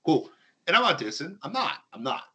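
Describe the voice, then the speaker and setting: Husky, lively man ranting. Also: on the high side, brisk. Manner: ranting, sarcastic, emphatic. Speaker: podcast host. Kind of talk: heated opinion talk.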